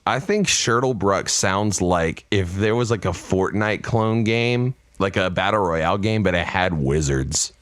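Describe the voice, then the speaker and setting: A young man co-hosting a casual podcast, rambling through jokes and laughing loudly. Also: sits low, unhurried, few pauses, dry recording. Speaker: podcast co-host.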